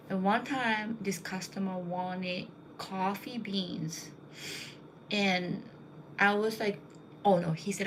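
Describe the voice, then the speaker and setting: A woman's voice: medium pitch, slow pace, slight background noise, rough recording. A young woman casually telling rambling anecdotes, with lots of fillers. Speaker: storyteller.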